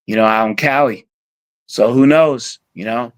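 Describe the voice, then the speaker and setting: Brief: casual male guest, medium pitch, loose rambling chat, dry close mic. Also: measured pace, clear, resonant tone, no echo. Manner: rambling, many fillers and restarts. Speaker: interview guest, music producer.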